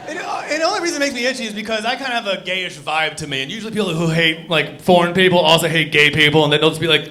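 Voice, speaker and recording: A young man with a high-pitched voice works a comedy club crowd through a stage mic. His delivery is animated, swinging between loud bursts and quiet, low mutters. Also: fast talker. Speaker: stand-up comedian. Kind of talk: stand-up comedy set.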